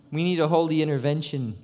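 A man preaching a sermon with passion. He rises to loud cries and breaks off for chuckling asides. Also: on the high side. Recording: long hall reverb.

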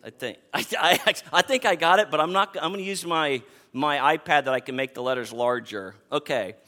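A male pastor in his fifties delivers a sermon in a fairly high, animated voice. He leans hard on key words and repeats himself for emphasis as he drives each point home. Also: brisk. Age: 50s.

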